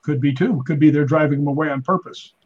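Husky guest spinning animated stories. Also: male voice, on the high side, quick pace, muffled recording. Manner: animated joke-telling, acts out voices in stories. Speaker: podcast guest, stuntman and paranormal investigator. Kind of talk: casual storytelling chat.

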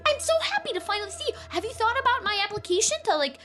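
A woman's voice: very animated, racing, pushed and bright, faint music behind, heavily acted. A woman voicing a big, earnest male dragonborn student who stammers eagerly and breaks into sobs. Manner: squeaky, eager, stammering, sobbing.

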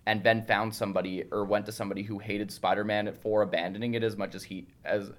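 Low-ish voice guy explaining comic stuff on a podcast, opinionated. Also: level tone, quick pace. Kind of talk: casual film chat.

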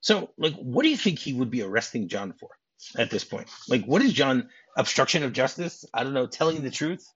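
Husky-voiced man recapping a film. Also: mid-range voice, sing-song, brisk, fairly bright tone. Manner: recaps scenes in detail, many fillers. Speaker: podcast guest. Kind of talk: casual film discussion. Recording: dull lo-fi podcast audio.

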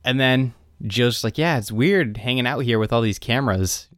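A man's voice: mid-range voice, normal speed, no room sound, clean studio sound. A young man co-hosting a podcast, casually retelling a TV episode and jumping into the characters' lines. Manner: animated retelling, quotes characters in raised voices. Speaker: podcast co-host recapping a show. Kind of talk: casual chat.

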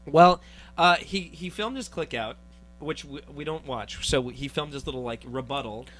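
A man's voice: on the high side, normal speed, a bit bright. A man in casual podcast chat, brash and swearing as he tells stories with laughs. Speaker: guest co-host.

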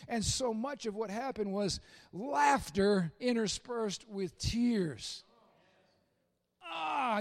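A man preaching a sermon in an animated way, acting out the voices of Bible figures and shouting at the high points. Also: in a large hall. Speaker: pastor.

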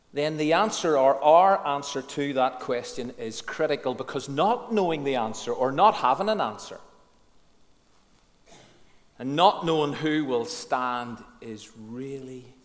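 Earnest preacher in an echoey church. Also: male voice, medium pitch, expressive. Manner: earnest, frank, asks the congregation questions and pauses on key words. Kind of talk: sermon. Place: church hall.

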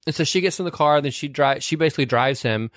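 Animated male podcast co-host. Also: fairly high pitch, quick pace, dry recording, studio quality. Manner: animated, acts out quotes with voice changes. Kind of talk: casual chat recapping a film.

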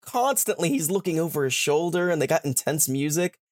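A young man hosting a podcast, casually retelling a story and slipping into quick character voices. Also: fairly high pitch, sing-song, no echo, studio quality. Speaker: podcast host.

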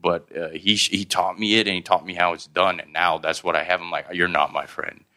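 A low-voiced man from Thailand, guesting on a podcast and spinning lively, boastful stories. His tone is forceful and bright, and he acts out other people's lines as he goes. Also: a little fast. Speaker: podcast guest, professional basketball player. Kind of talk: casual storytelling conversation.

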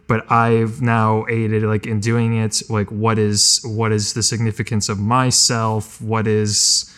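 A man's voice: on the low side, completely flat delivery, slow, a bit bright. A man playing a tabletop role-playing game, rambling and thinking aloud with many fillers. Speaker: tabletop player. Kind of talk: casual in-character musing.

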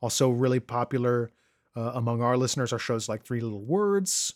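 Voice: mid-range voice, fairly quick, no room sound, studio quality. A podcast co-host in casual chat, joking and then reading out recommendations for other shows. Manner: animated, joking, reads out show plugs.

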